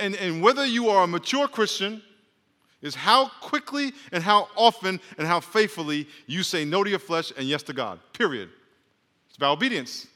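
A man's voice: high voice, bright, forceful tone, long reverb tail. A man, a pastor, preaching a sermon with call-and-response and joking asides. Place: church sanctuary.

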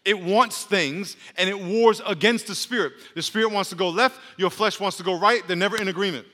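A man's voice: high voice, fairly quick, sharp tone, in a large hall. A man, a pastor, preaching a sermon with call-and-response and joking asides. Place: church sanctuary.

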